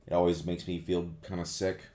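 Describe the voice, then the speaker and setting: A man's voice: low-pitched, completely flat delivery, brisk, mellow. A man, a voice actor, casually answering viewer questions and rambling with lots of fillers and restarts. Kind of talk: casual Q&A chat.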